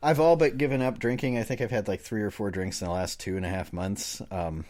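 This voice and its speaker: A man's voice: lowish voice, brisk, darkish tone. A man in his thirties co-hosting a casual podcast, rambling and self-deprecating, laughing often. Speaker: podcast co-host. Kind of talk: casual chat.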